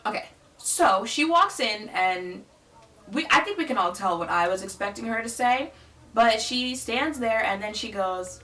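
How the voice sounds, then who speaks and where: A woman's voice: fairly high pitch, expressive, unhurried, a bit bright, far from the mic. A young woman vlogger telling a story in a blunt, emphatic, sassy way. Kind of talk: casual storytelling.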